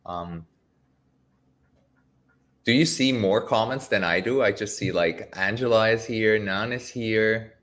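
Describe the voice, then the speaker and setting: A man co-hosting a casual livestream chat over a video call, gentle and conversational. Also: on the low side, slow, long pauses.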